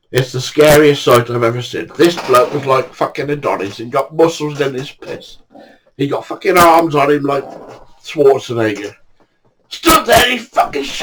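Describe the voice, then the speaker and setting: A man's voice: fairly high pitch, a bit bright, slight background noise, poor audio. An older man, casually telling anecdotes in a blunt way, swearing freely. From England. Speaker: storyteller.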